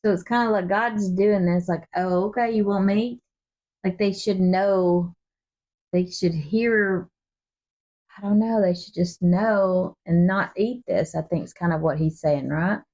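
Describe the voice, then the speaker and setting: A woman's voice: on the low side, a little slow, a little mellow. A woman co-hosting a casual Bible study chat, reading verses aloud and talking them over in a chatty way. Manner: chatty, reads verses aloud and acts out quotes. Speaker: co-host of a Bible study podcast.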